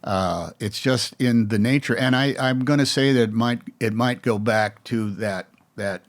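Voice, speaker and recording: A man's voice: mid-range voice, unhurried. A man in his sixties with an American accent, telling stories in a casual interview, rambling with restarts and mimicking other voices. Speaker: actor, interview guest.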